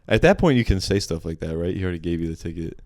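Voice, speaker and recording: A man's voice: sits low, lively intonation, racing, darkish tone, no echo. A young man co-hosting a casual podcast, laid-back and cracking dry jokes. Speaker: podcast co-host, stand-up comedian.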